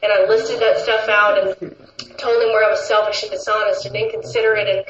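A woman's voice: mid-range voice, a little fast, slight background noise. A woman giving a personal recovery testimony at a meeting, telling her story with lots of laughter and acting out what others said. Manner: animated storytelling, laughing often, acts out quotes. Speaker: speaker sharing at a recovery meeting. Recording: roomy, slightly dull with faint ambience.

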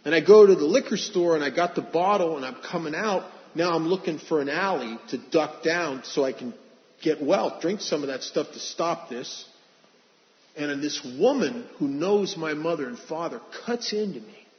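A man's voice: a little high, lively intonation, moderate pace. Guy telling his own story, earnest and confessional, long echo, kinda dull sound. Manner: earnest, confessional, frequent restarts. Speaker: speaker sharing his recovery story. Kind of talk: personal testimony storytelling. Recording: dull reverberant hall recording.

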